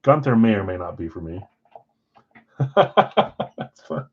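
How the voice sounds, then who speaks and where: Casual card-break host, lo-fi audio. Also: male voice, lowish voice, expressive, takes it slowly, breathy edge. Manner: rattles off names and assignments casually. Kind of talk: live-stream card break chat.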